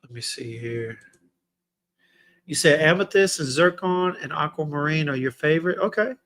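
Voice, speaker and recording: With an expressive, fairly high male voice and a moderate pace, a livestream host from Texas reviews fragrances casually. He chats in slang straight to his audience, working through his thoughts out loud.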